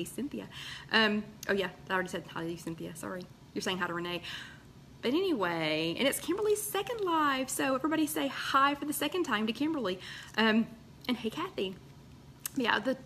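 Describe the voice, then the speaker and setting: A woman's voice: mid-range voice, fairly bright tone, a little hiss or hum. A woman hosting a casual live stream, chatting and greeting viewers by name with plenty of fillers. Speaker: host of a live weight-loss chat.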